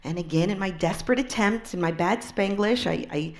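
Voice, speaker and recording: A woman public speaker tells an inspirational story at a brisk pace in a medium-pitched voice. She's expressive and often drops into a soft, hushed tone.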